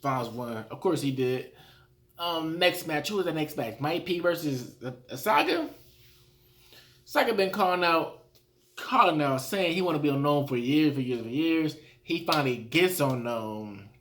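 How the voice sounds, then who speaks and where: A man giving a casual recap of rap battles, talking in an animated way and acting out his own reactions. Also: fairly high pitch, measured pace.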